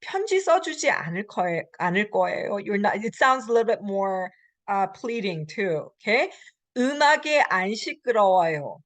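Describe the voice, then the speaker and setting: A college Korean language professor, a woman whose first language is Korean, gives a recorded language lecture. Her mid-range voice swings widely in pitch and she talks very fast. She fills her explanations with fillers and acts out example phrases.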